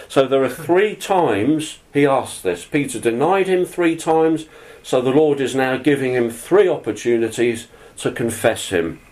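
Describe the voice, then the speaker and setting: A man's voice: mid-range voice, expressive, a little slow, darkish tone, rough recording. A man preaching a sermon, reading scripture aloud and then explaining it in an earnest, conversational way. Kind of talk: sermon, Bible teaching.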